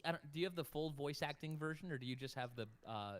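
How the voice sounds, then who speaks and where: A man's voice: on the high side, lively intonation, brisk, clear, resonant tone. A man who works as a voice actor, chatting casually on a livestream, swearing now and then and laughing often. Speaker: voice actor guest.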